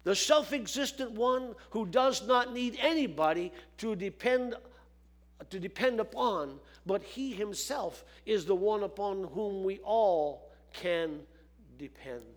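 A man's voice: high voice, lively intonation, slow. A man preaching a sermon, folksy and repeating phrases for emphasis.

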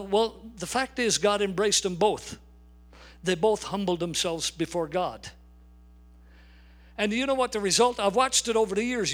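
High-voiced older man preaching a sermon. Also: fairly bright tone. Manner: emphatic, slows and stresses key words. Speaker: pastor.

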